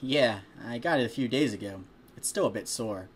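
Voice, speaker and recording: An easygoing young townsperson, short on money, chats with a stall keeper, as a man reads the part in his normal voice. The tone is plain and mid-pitched. Faint background noise sits under the reading. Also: lively intonation, moderate pace, lightly acted.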